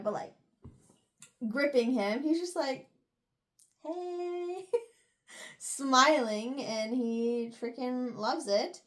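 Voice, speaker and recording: A young woman chatting casually as she retells a novel's chapters, filling her talk with "like" and "you know" between laughs and sighs. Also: on the high side. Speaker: book reviewer. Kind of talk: casual chat, retelling a book.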